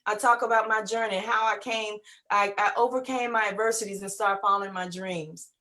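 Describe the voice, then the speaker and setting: A woman's voice: medium pitch, steady tone, a little fast, sharp tone. A woman giving an inspirational talk as a guest speaker, preachy and repetitive, often searching for words and laughing easily.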